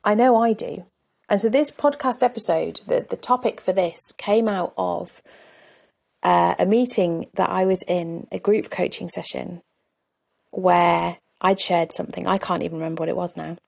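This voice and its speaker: A woman's voice: on the low side, normal speed, vocal fry, a little mellow. A woman coach hosting her own podcast, talking candidly and reflectively in a conversational way. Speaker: life coach and podcast host. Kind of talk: solo podcast talk.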